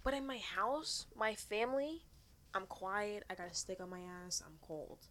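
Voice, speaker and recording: Fast-talking young woman, casual podcast chat. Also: mid-range voice, lively intonation, fairly bright tone, slight background noise. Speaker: podcast co-host.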